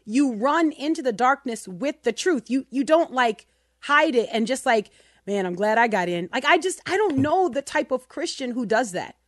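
A woman's voice: high-pitched, lively intonation, moderate pace, no echo, studio quality. A woman hosting a Christian radio talk show, talking in a passionate, emotional and emphatic way.

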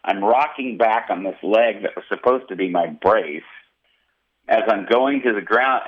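A male pastor telling a personal testimony in an interview, animated and vivid. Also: lowish voice, moderate pace, narrow, tinny audio. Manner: animated storyteller, acting out quotes.

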